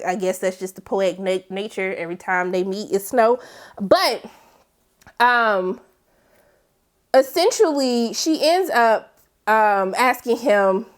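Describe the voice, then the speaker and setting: A woman host giving a chatty, sassy TV episode recap, talking straight to her viewers. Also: sits high. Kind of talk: casual TV recap commentary.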